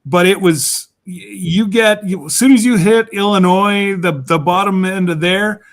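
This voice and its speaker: A man's voice: high-pitched, a little slow. A man chatting casually on a video call, rambling and laughing often. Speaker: regular on a group chat show. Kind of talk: casual chat.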